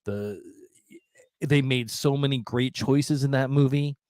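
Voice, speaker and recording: A podcast co-host with a medium-pitched, slow, darkish voice gushes about a movie in rambling, enthusiastic bursts on a casual online show. The recording has no echo.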